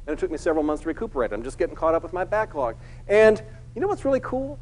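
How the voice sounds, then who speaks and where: Animated middle-aged male keynote storyteller. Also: a little high, very fast, rough recording. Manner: animated, acts out the people in his story. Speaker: keynote speaker.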